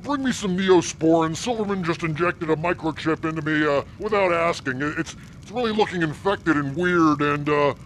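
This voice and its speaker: Actor playing satan as a tired office boss, deadpan, slightly high voice. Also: male voice, normal speed, few pauses, slight background noise, lightly acted. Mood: exasperated. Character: Satan, exasperated boss of Hell, male.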